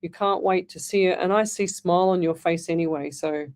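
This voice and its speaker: A woman's voice: lowish voice, brisk, a little mellow. A middle-aged woman hosting live radio psychic readings, chatting in a rambling way with frequent restarts. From Australia. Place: radio studio.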